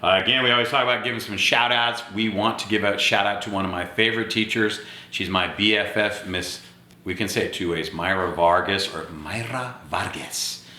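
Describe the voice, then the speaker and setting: A teacher reading a picture book aloud to children, chatty and playful. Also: male voice, fairly low pitch, steady tone, fairly quick, bright, forceful tone. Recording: echoey room.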